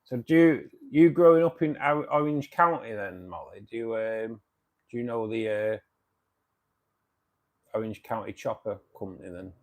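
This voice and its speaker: A chatty man with a Manchester English accent and a lowish voice speaks at a moderate pace. He's a livestream host in a casual chat, reading out and answering viewer comments.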